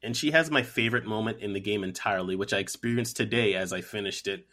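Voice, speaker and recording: A man's voice: on the low side, fast talker, bright, forceful tone. A man co-hosting a podcast who chats casually about video games in a laid-back, joking way. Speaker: podcast co-host. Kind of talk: casual video game chat.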